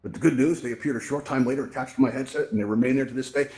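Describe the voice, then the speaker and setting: A man's voice: mid-range voice, very fast, few pauses, a little mellow. A man presenting at a live event in a virtual space, giving chatty, folksy tech tips through a headset microphone and checking in with his listeners with a frequent "right?". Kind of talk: casual instructional talk to a live audience. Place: virtual reality social space.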